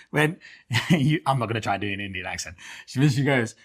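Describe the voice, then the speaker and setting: A man's voice: mid-range voice, brisk. Chatty man telling a story. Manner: animated storytelling, swearing, many fillers. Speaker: podcast co-host. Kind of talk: casual storytelling chat. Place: studio.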